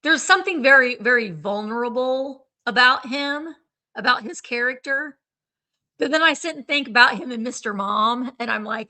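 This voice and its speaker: Chatty woman with a bright gravelly voice. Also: on the high side, moderate pace. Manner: rambling and chatty, trails off hunting for names. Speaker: live-sale stream host. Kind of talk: casual live-stream chat. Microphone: streaming setup.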